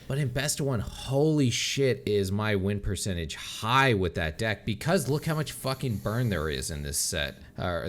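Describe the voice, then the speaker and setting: An excitable man co-hosting a casual chat, swearing freely and laughing often. His lowish voice rises and falls a lot, and there is faint ambient noise behind him. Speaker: podcast co-host.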